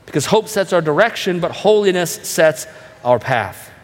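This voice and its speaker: A man's voice: on the high side, very animated, measured pace, in a large hall. A man preaching a sermon as pastor, earnest and direct, asking the congregation rhetorical questions.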